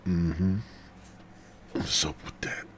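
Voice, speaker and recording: A man's voice: deep voice, little pitch movement, takes it slowly, a little hiss or hum. A man hosting a comedic podcast, rambling crudely and slipping into mock ASMR whispers. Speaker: podcast host.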